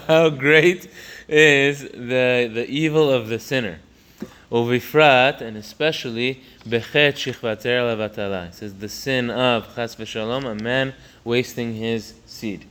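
Smooth-voiced man teaching a text. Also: unhurried, fairly bright tone. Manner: explains a text line by line, restarting phrases; rises in pitch and volume to stress key points. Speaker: Torah teacher. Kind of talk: text study lesson.

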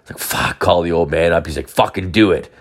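A young man with a very deep voice spins long, crude stories about his past. He rambles casually, packs his talk with filler words and swears constantly. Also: a little fast. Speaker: storyteller. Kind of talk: casual storytelling.

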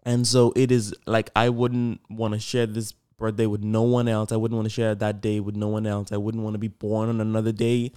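In a fairly low, mellow and clean voice, a young podcast host talks to his listeners on his own, upbeat and meandering. His delivery is monotone and a little fast, with hardly any pauses.

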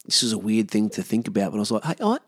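A man's voice: on the low side, flat delivery, rapid-fire, fairly bright tone, husky, no room sound, studio quality. A man in his thirties with an Australian accent, telling stories from his past in a casual, laid-back way, swearing freely and often trailing off. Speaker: podcast host. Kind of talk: casual storytelling monologue.

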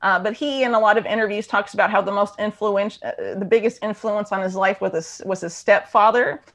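A woman chatting on a podcast, talking quickly and loosely with lots of fillers, restarts and slang. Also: mid-range voice, a bit bright. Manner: rapid, loose talk with many fillers and restarts. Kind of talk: casual conversation.

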